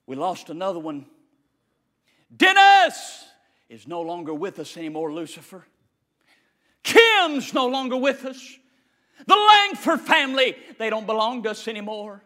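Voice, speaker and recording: A man preaching a sermon with rhythmic repetition and loud, fiery peaks. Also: high voice, big pitch swings, a little slow.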